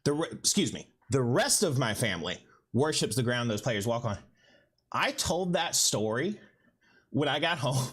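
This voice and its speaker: Guy, livestream host, swears freely, voice swoops up and down, slightly high. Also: measured pace. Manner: profane, animated anecdote-telling with quoted voices. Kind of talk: casual storytelling.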